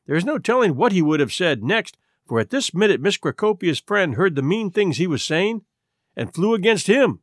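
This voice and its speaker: A man hosting a podcast, reading a classic story aloud in an expressive, gentle storybook narration through a close mic. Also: sits high, moderate pace, no room sound.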